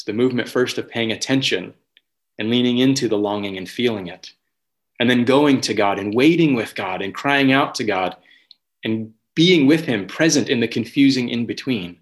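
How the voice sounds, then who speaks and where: Earnest man preaching with halting restarts. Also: mid-range voice. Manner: earnest, halting restarts, rises when voicing prayer. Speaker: pastor. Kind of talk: sermon.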